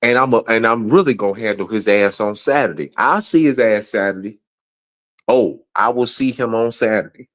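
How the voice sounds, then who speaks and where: This guest's voice is on the low side and a bit bright, moving at a moderate pace. He's furious, swearing and saying the same things over and over in a heated livestream rant.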